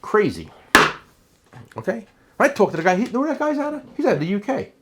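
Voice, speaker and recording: A man's voice: high-pitched, huge pitch swings, a little fast, heavy background noise. A man with a New Jersey accent hosting a casual tool show, rambling and joking with his cohost. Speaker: tool shop owner and show host. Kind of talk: casual product chat.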